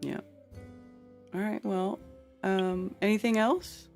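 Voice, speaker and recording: A woman's voice: medium pitch, fairly even intonation, slow, vocal fry, a little mellow, soft background music. Easygoing woman hosting a call-in show. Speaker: host.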